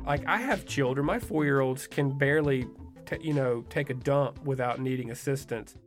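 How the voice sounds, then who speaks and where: A man's voice: medium pitch, normal speed. A man telling a personal story in a wry, self-deprecating, conversational way, full of casual fillers. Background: music score.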